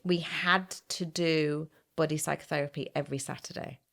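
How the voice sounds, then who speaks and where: A middle-aged woman speaks as an interview guest in a rather low voice. She tells her story in a lively, animated way, and she speaks frankly. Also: normal speed, vocal fry. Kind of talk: casual interview conversation.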